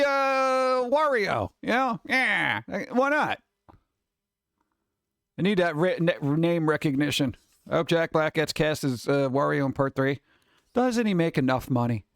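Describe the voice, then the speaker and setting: A man's voice: fairly high pitch, no echo, clean studio sound. A man streaming live, chatting casually and rambling while answering his viewers. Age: adult.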